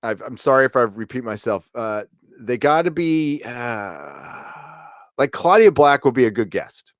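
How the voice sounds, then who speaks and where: A man's voice: medium pitch, big pitch swings, measured pace, no room sound, studio quality. A middle-aged man hosting a casual live stream, reading chat aloud in a rambling way full of fillers and restarts. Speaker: livestream host reading chat.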